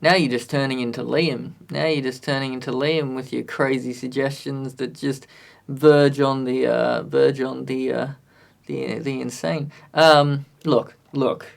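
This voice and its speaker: A man's voice: medium pitch, steady tone, a little slow, vocal fry. A man live-streaming a music recording session, thinking aloud and chatting with viewers in a self-deprecating way. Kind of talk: casual live-stream chat.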